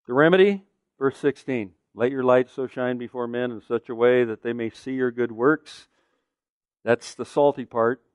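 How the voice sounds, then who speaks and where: A man's voice: medium pitch, dry recording, clean studio sound. A middle-aged man preaching a sermon as pastor, earnest and conversational, asking the listeners pointed rhetorical questions.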